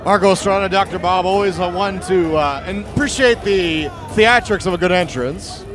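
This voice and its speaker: A man's voice: sits high, moderate pace. A man calling a wrestling show play-by-play, enthusiastic and conversational. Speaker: play-by-play commentator. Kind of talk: live wrestling commentary. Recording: loud crowd behind.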